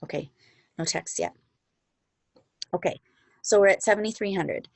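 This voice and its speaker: A woman's voice: mid-range voice, normal speed, vocal fry, darkish tone, no room sound. A middle-aged woman leading her sales team on a video call, upbeat and encouraging, chatting with asides.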